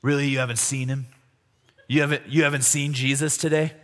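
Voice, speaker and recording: A man voicing a relaxed, slangy Jesus in a retold Bible story, casual and deadpan. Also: medium pitch, brisk, natural voice. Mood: laid-back. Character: laid-back casual male Jesus, chill and slangy. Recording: reverberant hall.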